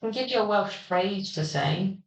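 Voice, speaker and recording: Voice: mid-range voice, normal speed. Chatty podcast co-host, laughing a lot. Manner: chatty, animated, laughs often. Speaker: podcast co-host and game player. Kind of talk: casual podcast chat. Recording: roomy, distant mic.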